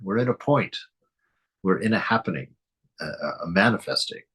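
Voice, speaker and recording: Low, husky-voiced man giving gentle spiritual talk. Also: expressive, normal speed. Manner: gentle, asks many rhetorical questions, chuckles often. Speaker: spiritual teacher giving commentary.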